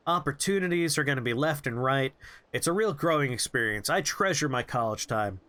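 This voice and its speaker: A man's voice: mid-range voice, lively intonation, fairly quick, sharp tone. A man doing a chill, friendly businessman. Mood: easygoing. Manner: easygoing, encouraging. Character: relaxed friendly middle-aged male businessman.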